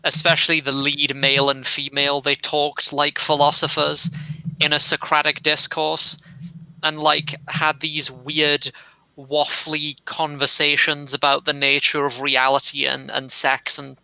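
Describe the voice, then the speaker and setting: Young British man, somewhat posh, casual co-host, dry and wordy; crisp voice with vocal fry. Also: fairly high pitch, monotone, a little slow, sharp tone, no room sound, poor audio. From England. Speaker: podcast co-host. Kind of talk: casual chat.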